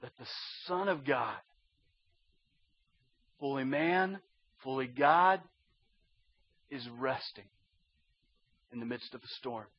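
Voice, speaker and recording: A man preaching a sermon as a pastor, dropping to a hush and rising to loud pleading. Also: mid-range voice, takes it slowly, long pauses, husky, lo-fi sound. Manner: swings from hushed to loud pleading.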